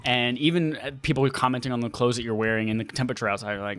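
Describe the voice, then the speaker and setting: A man's voice: mid-range voice, fairly even intonation, very fast, a bit bright. A man co-hosting a gaming podcast, telling playful anecdotes and briefly imitating characters. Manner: playful anecdotes with funny voices. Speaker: podcast co-host. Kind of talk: casual gaming chat.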